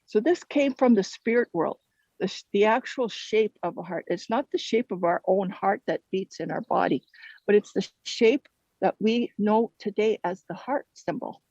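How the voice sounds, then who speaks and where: A storyteller sharing a traditional teaching story in a gentle, halting way, often repeating words. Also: mid-range voice, no room sound. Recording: dull lo-fi recording.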